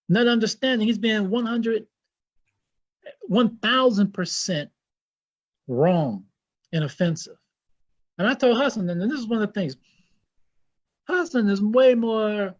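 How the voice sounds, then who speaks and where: A man's voice: sits high, animated, a little slow, pauses often, muffled recording. A man with an American accent, a guest Islamic scholar speaking in an impassioned, blunt way and repeating himself for emphasis. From United States. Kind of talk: impassioned interview talk.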